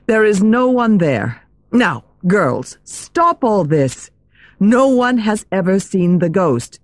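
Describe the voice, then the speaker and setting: A woman reading aloud and voicing a brave leading ballerina who speaks firmly to calm the others. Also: mid-range voice, slow, no room sound, studio quality, voice pushed up.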